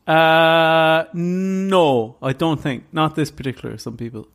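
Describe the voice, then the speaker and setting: Higher-voiced man narrating a podcast. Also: steady tone. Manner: reads in measured tones, then hedges and stalls playfully when questioned. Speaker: podcast co-host presenting the story. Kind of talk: scripted narration mixed with casual banter.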